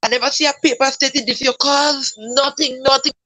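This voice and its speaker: A woman's voice: sits high, steady tone, a little fast, pushed and bright, no echo, rough recording. A woman telling her story as a grieving mother in an interview, talking in a repetitive, pleading way that breaks into tears and a raised voice. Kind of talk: emotional personal testimony.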